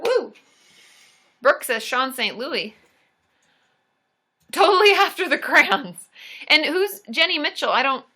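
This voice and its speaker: A woman hosting a casual live stream, bubbly and excitable, chatting with viewers, often cheering and giggling. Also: high voice. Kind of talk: casual livestream chat reading viewer comments.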